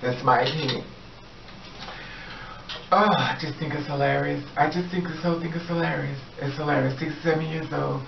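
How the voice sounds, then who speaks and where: A sassy, animated man rants about someone straight to camera, his voice a little high. He sounds set back from a muffled mic in a roomy space, with faint ambient noise behind him. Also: brisk, creaky, recorded from a distance. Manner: sassy, animated, addresses the subject directly. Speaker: vlogger. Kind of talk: casual opinion rant to camera.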